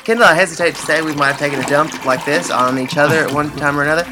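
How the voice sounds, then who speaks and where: A man's voice: on the high side, rapid-fire, background noise. A man co-hosting a comedy podcast, trading jokes in a theatrical, self-mocking way. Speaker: podcast co-host. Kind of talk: comedic banter.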